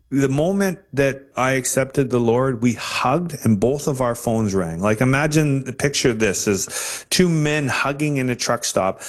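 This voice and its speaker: A man guest telling a personal faith testimony in an earnest, halting way, often restarting his sentences. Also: medium pitch. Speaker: interview guest.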